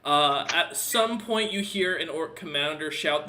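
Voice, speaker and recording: A man's voice: a little high, measured pace, bright, forceful tone. A man narrating a tabletop game as game master, rambling with many fillers. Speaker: dungeon master.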